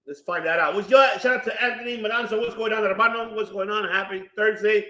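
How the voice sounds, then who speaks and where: A man hosting a live wrestling watch-along stream, calling the action excitedly and bursting into loud reactions while greeting chat viewers. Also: high voice, fast talker. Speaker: watch-party stream host. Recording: roomy echo.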